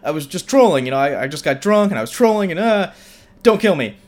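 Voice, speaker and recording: Guy doing a freaked out young dude, stammering, begging, kinda loud and high. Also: sing-song, fast. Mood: panicked. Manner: stammering, pleading. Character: panicky young man begging for mercy.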